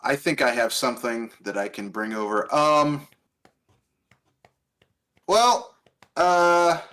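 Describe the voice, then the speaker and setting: An animated male podcast co-host with a lively, swooping delivery. His voice is bright and forceful, and he swears freely and laughs a lot in casual chat. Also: mid-range voice, takes it slowly.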